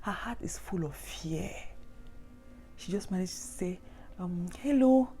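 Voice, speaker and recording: A woman's voice: fairly low pitch, steady tone, a little slow. A woman narrating a true story with dramatic, repetitive emphasis. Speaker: storyteller host.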